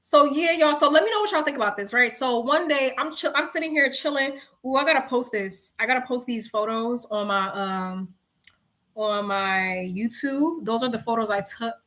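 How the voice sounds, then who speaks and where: High, bright-voiced young woman from New York. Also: moderate pace. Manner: animated, swears freely, slangy asides to "girl" and "y'all". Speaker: live-streaming storyteller. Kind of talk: casual storytime chat to viewers.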